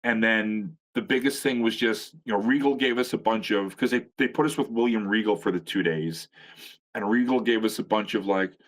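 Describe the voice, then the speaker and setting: A veteran pro wrestler in middle age chats casually, his voice on the low side and his speed normal. Expect rambling, profane anecdotes full of restarts and sarcastic humor.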